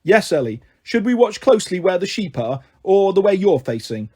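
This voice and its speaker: A man's voice: sits high, very animated, normal speed, warm tone. A man reading aloud, voicing a flustered male teacher announcing things to his class.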